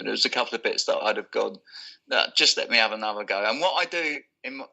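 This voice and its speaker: A man's voice: mid-range voice, vocal fry, pushed and bright. A male musician guest telling anecdotes in a casual, laughing, self-deprecating way. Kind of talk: casual storytelling.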